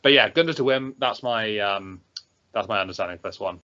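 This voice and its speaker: A man with a bright, tense, fairly low voice hosts a casual wrestling prediction chat. He hedges and restarts his sentences as he talks. The recording sounds dull and lo-fi. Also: brisk. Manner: hesitant, self-correcting.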